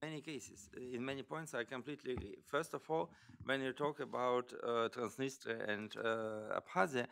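A man speaking as a forum panelist, measured and agreeable, with a few hesitations. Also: medium pitch, steady tone, creaky, a bit bright, clear, resonant tone. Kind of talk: panel discussion remarks.

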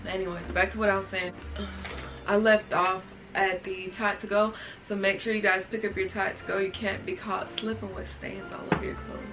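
A woman's voice: mid-range voice, level tone, normal speed. Young woman talking to her camera about her bag stuff, chatty, says y'all a lot, faint music behind. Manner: chatty, addresses viewers as y'all. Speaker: beauty vlogger. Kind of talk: casual show-and-tell vlog.

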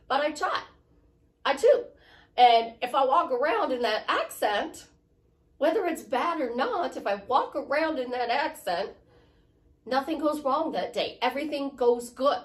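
A woman life coach giving a chatty, motivational talk, repeating her points and joking about herself. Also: a little high. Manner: chatty, repetitive, self-deprecating. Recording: voice from a distant mic.

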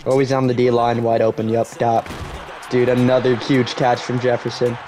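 A young man giving live commentary on his own football video game, cheering loudly on big plays and grumbling when things go wrong. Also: mid-range voice, monotone, normal speed, slight background noise. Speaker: gaming YouTuber.

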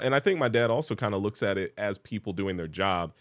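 A man co-hosting a relaxed chat podcast, with a very low voice. He talks in a measured, reflective way, working through his thoughts as he goes. The recording is dry and close. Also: no room sound. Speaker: podcast co-host. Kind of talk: casual chat.

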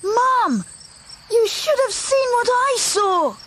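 A man narrating a storybook while voicing an excited young boy bear in a high, clear, eager voice. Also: takes it slowly, slight background noise, heavily acted. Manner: high, breathless, excited calling.

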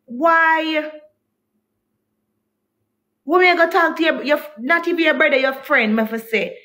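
A woman's voice: high-pitched, fairly quick, bright, forceful tone. A young woman, telling her viewers a heated, indignant story about a partner, repeating herself as she vents. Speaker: vlogger. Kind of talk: emotional storytime rant to viewers.

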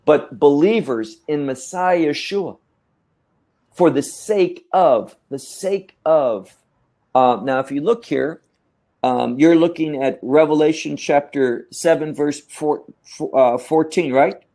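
Man, bible teacher, slow unhurried delivery, warm dark tone, emphatic. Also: fairly high pitch. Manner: measured, emphatic, repeats words while thinking. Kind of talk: teaching talk.

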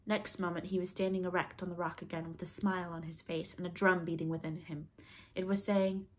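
Gentle low-voiced woman reading a story. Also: little pitch movement, fairly quick. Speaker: storybook reader. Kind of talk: audiobook narration.

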